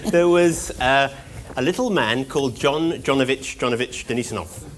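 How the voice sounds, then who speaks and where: A man telling an improvised comic story in a playful, deadpan style. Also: mid-range voice, normal speed. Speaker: improv performer. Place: TV studio with audience. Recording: live studio audience, background noise.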